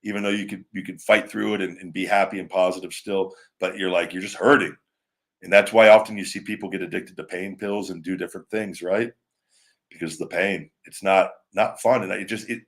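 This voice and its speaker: A man with a low, slightly bright voice hosts a live show in a casual live-stream chat style. He rambles, restarts often, and makes many asides to viewers.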